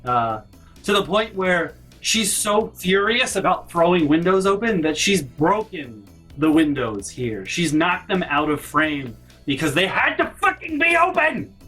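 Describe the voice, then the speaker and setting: A young man telling a rambling, profane storytime rant, exasperated and jumping off topic, often breaking into loud shouts. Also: high voice, big pitch swings, measured pace, soft background music. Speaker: vlogger.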